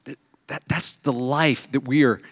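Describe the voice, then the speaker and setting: A man's voice: mid-range voice, fairly even intonation, unhurried, breathy edge. A young adult man preaching a conversational sermon as pastor, telling stories and acting out quotes. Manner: conversational, storytelling with acted quotes. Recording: long hall reverb.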